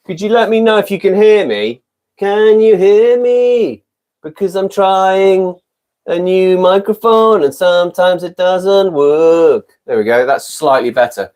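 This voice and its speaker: A man's voice: high-pitched, a little slow, a little mellow. Chatty British dad in his fifties. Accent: British English. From Britain. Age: 50s. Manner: chatty, self-deprecating, rambling asides. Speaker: live-streaming ukulele player. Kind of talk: casual live stream chat with ukulele songs. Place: garden shed. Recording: ukulele strumming under the voice. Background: ukulele playing.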